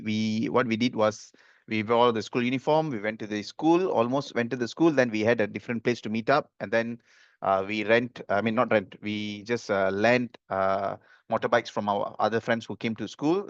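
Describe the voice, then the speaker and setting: A man's voice: on the low side, fairly even intonation, fairly quick, no echo. A man giving an impromptu speech, rambling through a story with fillers and self-corrections. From Malaysia. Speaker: club speaker. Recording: dull, dry sound.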